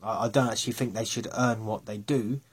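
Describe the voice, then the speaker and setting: A man with a husky voice, bluntly ranting his opinions in a casual monologue, scornful and sarcastic, swearing freely. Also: fairly low pitch, fairly even intonation, brisk.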